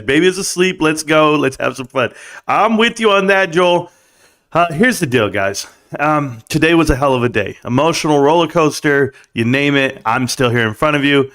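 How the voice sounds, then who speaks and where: A man with a fairly high voice hosts a late-night stock livestream. He talks in a hyped, rambling way and pumps up his viewers. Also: a little fast, fairly bright tone. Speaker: livestream host. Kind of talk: casual stock-market livestream talk.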